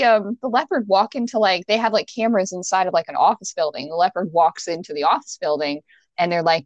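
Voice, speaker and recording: A woman's voice: on the low side, fast talker, no room sound, dull audio. A young adult woman co-hosting a podcast, telling a story in casual chat with lots of fillers and the odd swear word. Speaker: podcast co-host.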